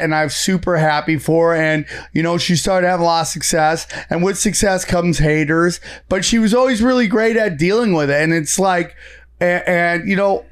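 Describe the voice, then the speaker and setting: A man in his forties, a comedian, telling stories in an animated casual chat and swearing often. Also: on the high side, clear, resonant tone. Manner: animated storytelling, frequent swearing. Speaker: guest comedian.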